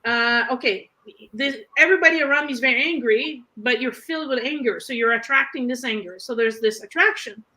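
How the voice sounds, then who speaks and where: High bright-voiced woman telling stories. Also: a little fast, rough recording. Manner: animated storyteller, acts out quoted dialogue. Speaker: end of life doula, co-host. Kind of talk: casual conversation.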